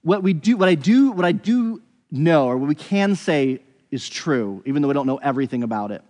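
A man's voice: on the high side, sing-song, fairly quick, dark tone, in a large hall. A man giving a conversational Bible teaching, thinking aloud with frequent restarts and hedges.

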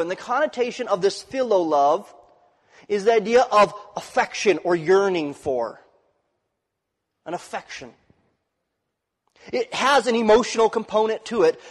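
Man preaching, slightly higher voice, dramatic loud-soft delivery, long hall reverb. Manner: dynamic preaching, swinging from loud rises to quiet drops. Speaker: pastor. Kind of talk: sermon.

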